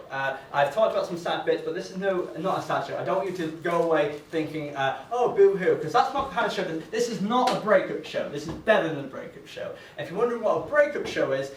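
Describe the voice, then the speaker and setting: A young man from Northern England performing a rambling, self-deprecating stand-up comedy set on a venue stage, with lots of stammered restarts. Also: on the high side. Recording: roomy, distant mic with faint venue ambience.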